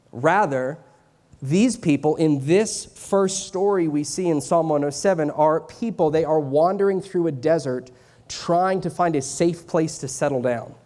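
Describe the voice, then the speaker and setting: A youth pastor in his late twenties delivers a relaxed, conversational sermon. His voice sits a little high and sounds mellow, and he repeats key lines for emphasis and slips in light joking asides. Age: 20s. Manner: joking asides, drops into a mock Southern voice for church sayings.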